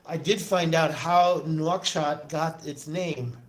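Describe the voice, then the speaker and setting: A man's voice: on the high side, steady tone, slow, slight background noise. A man hosting a casual livestream into his phone, rambling and answering viewer comments aloud. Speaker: livestream host.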